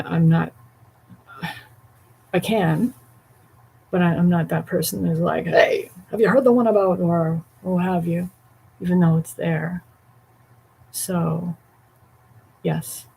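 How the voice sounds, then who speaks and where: Voiceover artist chatting to camera, gravelly, kinda flat and monotone, rambles and pokes fun at themself. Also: medium pitch, a little hiss or hum, rough recording. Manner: rambling and self-deprecating; candid and reflective. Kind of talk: casual talk to camera.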